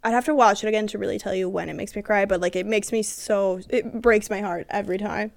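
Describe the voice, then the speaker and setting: A woman's voice: mid-range voice, fairly even intonation, quick pace, creaky, no echo. A woman co-hosting a casual chat, blunt and emotional, swearing heavily. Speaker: co-host.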